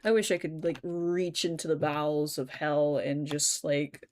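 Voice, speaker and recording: A woman's voice: flat delivery, measured pace, darkish tone, slight background noise. A woman chatting casually while livestreaming a video game, swearing freely and reading chat messages aloud. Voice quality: medium-pitched voice she wishes were deeper. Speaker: streamer.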